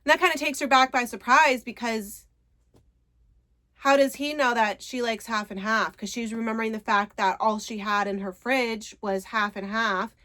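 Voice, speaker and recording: A woman's voice: fairly high pitch, fairly even intonation, moderate pace, sharp tone. Chatty woman recapping a book. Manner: chatty, retells scenes with quoted lines. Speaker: book reviewer.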